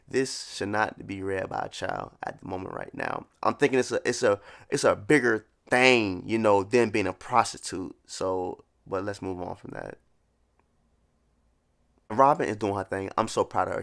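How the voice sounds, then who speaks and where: A man's voice: lowish voice, a bit bright. A man casually reviewing a manga chapter, laughing often and acting out character lines. He says he is a little sick.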